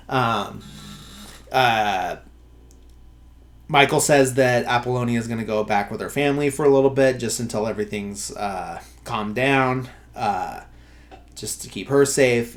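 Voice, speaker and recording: A man hosting a podcast, casually recapping a film scene by scene, with lots of "uh" and "like". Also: medium pitch. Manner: rambling, filler-heavy, many "like" and "uh". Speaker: podcast host.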